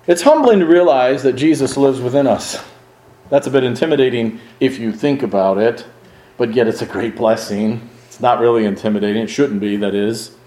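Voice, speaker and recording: A man preaching a sermon in an earnest, emphatic way, swinging his pitch and pace to stress his points. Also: moderate pace, warm tone, reverberant, poor audio.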